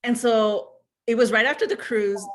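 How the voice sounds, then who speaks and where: A woman telling a personal story in casual chat, animated, acting out what others said, with many fillers. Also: a little high, moderate pace. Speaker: guest.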